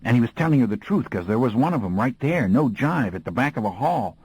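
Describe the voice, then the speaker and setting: A man's voice: mid-range voice, lively intonation, fairly quick, darkish tone, breathy edge, dry recording, poor audio. A man reading an audiobook in a folksy, slangy storytelling voice. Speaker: audiobook narrator. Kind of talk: scripted audiobook narration.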